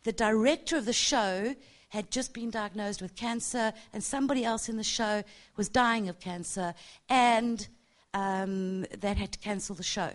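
A woman's voice: mid-range voice, normal speed. A middle-aged woman teaching a church group on prophecy, passionate and chatty, often tagging her points with "yeah?". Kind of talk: informal teaching talk.

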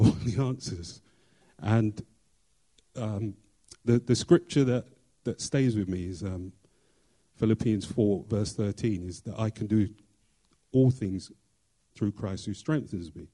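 A middle-aged man tells a faith testimony in a very dark, mellow voice. He speaks earnestly, pausing and restarting often as he goes. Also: fairly low pitch. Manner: earnest, halting with frequent fillers and restarts. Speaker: church member sharing testimony. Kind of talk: personal testimony.

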